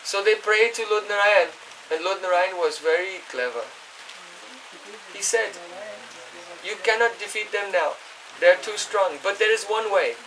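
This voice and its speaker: High-voiced man teaching scripture. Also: measured pace, pushed and bright. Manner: explanatory, checks in with listeners; chants Sanskrit verses. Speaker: spiritual teacher. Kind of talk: scripture class. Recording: voice distant from the mic.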